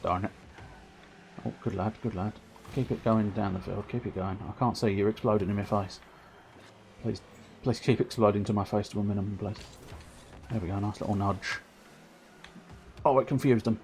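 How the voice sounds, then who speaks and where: A man giving excitable, self-mocking running commentary on his own gameplay while streaming, sometimes turned away from his microphone. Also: on the low side, normal speed, vocal fry, pauses often, a little hiss or hum. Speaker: livestreamer. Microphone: desk microphone, sometimes turned away.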